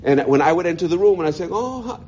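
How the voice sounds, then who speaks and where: A man, a rabbi from the United States, telling his life story in an animated way, often repeating words as he goes. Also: a little high, racing, muffled recording, slight background noise. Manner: animated, repeats words, voices quoted people. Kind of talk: personal storytelling talk.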